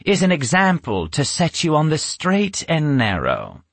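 A cruel, snapping witch, played by a man reading a storybook aloud, who turns from icy menace to shrieking rage. Her voice sits high, with swooping pitch and a husky grain, in a dry, close recording. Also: huge pitch swings, measured pace, fairly bright tone, no room sound, exaggerated voice. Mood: menacing. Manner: snapping, menacing, bursts into screams. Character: cruel, spiteful female witch who keeps children.

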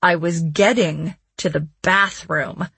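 A woman's voice: lowish voice, normal speed, a bit bright, slightly rough, dry recording. A woman voicing an irritable, evasive young man who speaks curtly and grumbles, in an audiobook reading. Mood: irritated.

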